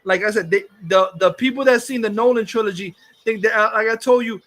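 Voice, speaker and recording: A man's voice: sits high, fairly quick, fairly bright tone. A man hosting a livestream, ranting casually in a heated, profane, insulting way. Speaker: livestream host.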